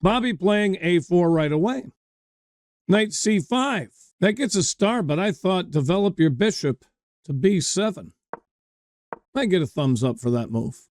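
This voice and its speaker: Chatty male chess coach, fairly high voice, dry recording, talks straight to viewers. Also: expressive, unhurried, darkish tone, dry recording. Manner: chatty, digresses into anecdotes, addresses viewers. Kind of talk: chess game commentary lesson.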